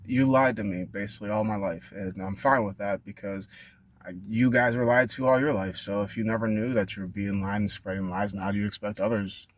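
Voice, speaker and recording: A man talking in a rambling, profane monologue that sometimes bursts into high-pitched shouting. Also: steady tone, brisk. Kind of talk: casual monologue rant.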